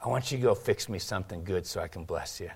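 A man voicing an old, half-blind father who speaks in a low, hushed, wheedling way. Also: quick pace, slightly rough, heavily acted. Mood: coaxing.

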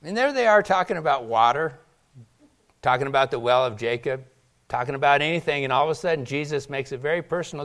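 A man preaching a sermon to his congregation, animated, asking rhetorical questions and acting out quotes. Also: on the high side, fast. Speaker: pastor.

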